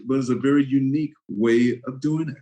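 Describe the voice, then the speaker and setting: A man's voice: mid-range voice, fairly even intonation, fairly quick, mellow, rough recording. A man in his sixties, a former football player, telling stories as a guest in a casual interview, laughing often and acting out his anecdotes.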